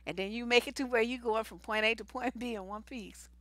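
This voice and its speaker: Blunt, bright-voiced relationship coach woman. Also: a little high, fairly quick, no echo. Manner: blunt, animated, slangy. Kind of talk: casual live stream advice.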